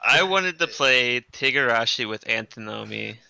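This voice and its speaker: A man's voice: medium pitch, lively intonation, normal speed, gravelly, bright, forceful tone, clear, resonant tone, dry recording, low-quality recording. A man co-hosting a casual group podcast, who rambles and fills his talk with "like". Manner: rambling, says "like" constantly. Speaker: podcast co-host.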